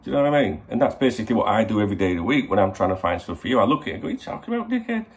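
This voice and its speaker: A middle-aged man talks straight to his viewers in a loose morning vlog. He rambles and swears often. His voice is low and gravelly, with lively swings in pitch. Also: very fast. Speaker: football channel host. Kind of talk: casual morning vlog to camera.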